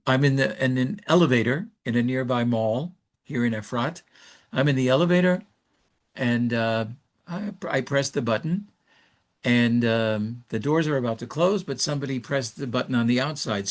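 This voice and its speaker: A man teaching an informal Torah class as a rabbi, telling stories in a conversational way with fillers and reflective rhetorical questions. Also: mid-range voice. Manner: conversational storytelling with frequent fillers.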